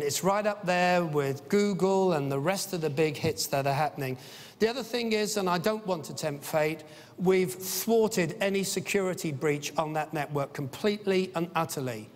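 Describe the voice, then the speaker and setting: A middle-aged man with a high voice, speaking at a business conference. He sounds enthusiastic and tells stories between points, often pausing on "uh". His voice carries the long reverb of a large conference hall. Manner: enthusiastic, anecdotal, with frequent "uh" fillers.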